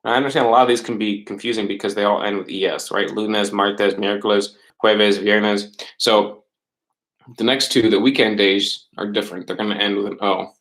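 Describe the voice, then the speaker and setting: Male teacher, lowish voice, patient webcam lesson delivery with frequent check-ins. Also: fairly even intonation, a bit bright, rough recording. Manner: patient, repeats words slowly, fillers and checks like "right?". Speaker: middle school Spanish teacher. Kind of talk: recorded online class lesson.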